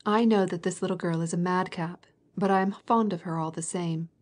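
A woman's voice: on the low side, fairly even intonation, a little fast, natural voice. A woman reading the part of a stern, outspoken fifty-year-old woman in an audiobook, blunt and scolding. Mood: fond. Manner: scolding, outspoken, mock-gentle teasing.

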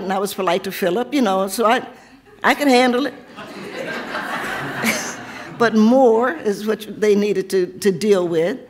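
A seventy-year-old woman from Tennessee, hoarse from losing her voice, reading a poem and then chatting with laughing asides. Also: medium pitch, background noise. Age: 70s. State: hoarse, lost voice. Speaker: author. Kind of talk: poetry reading then casual talk.

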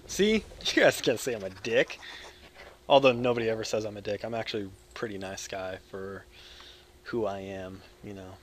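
Loud rambling crude young man. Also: lowish voice, moderate pace, a little hiss or hum. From United States. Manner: loud, jokey, crude, swings between yelling and mumbling. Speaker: gaming video creator. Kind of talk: rambling live gameplay commentary.

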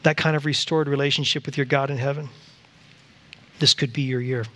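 A man preaching a church sermon, animated and acting out quoted voices to the congregation. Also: medium pitch, fairly quick. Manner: animated, acts out voices of God and Satan. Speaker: pastor. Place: church sanctuary.

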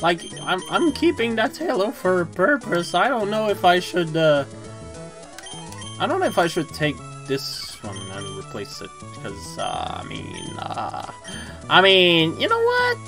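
Game streamer, young adult, unhurried delivery that swoops up and down, faint music underneath, swears and laughs a lot. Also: medium pitch, creaky. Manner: excitable, swears and laughs often, stammers. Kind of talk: casual livestream commentary while gaming.

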